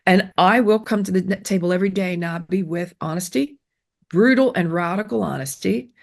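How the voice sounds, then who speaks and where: Gravelly-voiced woman giving emphatic advice. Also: lowish voice, moderate pace. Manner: emphatic, repeats phrases, many fillers and restarts. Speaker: interview guest, self-esteem speaker. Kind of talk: earnest advice in an interview.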